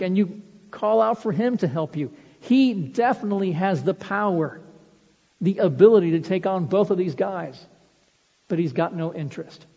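A man's voice: high-pitched, dark tone. A man preaching a sermon, earnest and explanatory, building his points with vivid everyday illustrations. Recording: reverberant hall, dull lo-fi sound.

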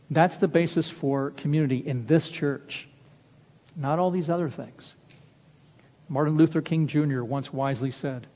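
A male pastor delivering an impassioned sermon to his congregation, pushing his voice up higher and louder to drive points home. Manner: impassioned, rising in pitch and volume to press points. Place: church sanctuary. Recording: long church reverb, dull lo-fi sound.

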